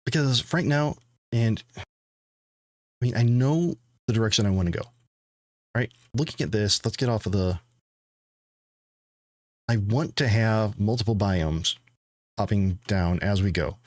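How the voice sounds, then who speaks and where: Man, low voice, dry close mic, casual rambling, thinking aloud, game dev stream. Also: measured pace, long pauses, a little mellow, no room sound. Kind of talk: casual live-stream chat.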